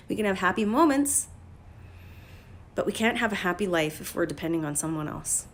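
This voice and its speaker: A woman coaching live from her phone in a voice of middling pitch. She talks bluntly, swears freely and now and then jumps into loud, emphatic outbursts. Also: normal speed, a little hiss or hum. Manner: blunt and profane, swings into loud emphatic bursts. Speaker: life coach. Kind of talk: casual motivational livestream talk. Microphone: phone livestream.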